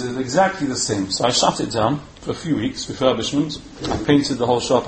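A man retelling a religious folk tale in a lively way, restarting phrases often and mixing in Yiddish and Hebrew words. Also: medium pitch, a little hiss or hum. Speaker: storyteller. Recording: roomy echo.

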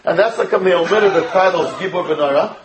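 Over crowd noise and rough audio, an American rabbi gives a Torah lecture in a high-pitched voice at a quick pace. He keeps firing rhetorical questions at the class and weaves Hebrew and Yiddish terms into his teaching.

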